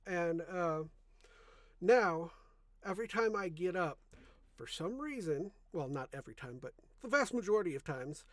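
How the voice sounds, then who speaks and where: Soft-spoken rambling young man, dry sound. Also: sits high, animated, moderate pace, dry recording. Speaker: podcast host. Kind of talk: casual chat.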